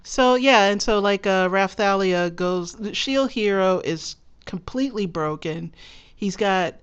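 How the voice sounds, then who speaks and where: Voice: medium pitch, measured pace, fairly bright tone, clear, resonant tone, lo-fi sound. A co-host in a casual anime discussion who laughs often and chimes in with wry remarks. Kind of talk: casual chat.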